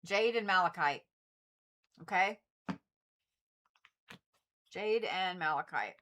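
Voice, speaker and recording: Bright-voiced woman reading cards live. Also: lowish voice, lively intonation, slow pace. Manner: chatty, swears freely, talks straight to viewers. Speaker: Reiki practitioner and tarot reader. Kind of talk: casual livestream card reading.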